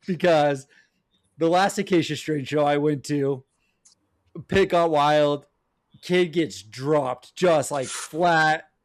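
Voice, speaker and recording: A man co-hosting a podcast, telling a story in an animated way with bits of laughter. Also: a little high, slow pace, dry recording, clean studio sound. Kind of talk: casual chat, storytelling.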